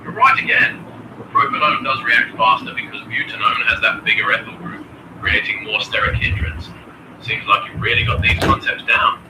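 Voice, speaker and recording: A man's voice: on the low side, normal speed, reverberant, recorded from a distance, noisy background. A computer voice of a man acting as a chemistry tutor, polite and formal as he quizzes a student.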